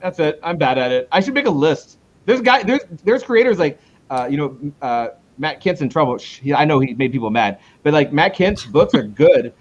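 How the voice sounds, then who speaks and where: In a laid-back interview, a male comic book creator rambles at a moderate pace and keeps restarting his sentences. He's very animated, his pitch leaping up whenever he recounts conversations, and the audio sounds dull.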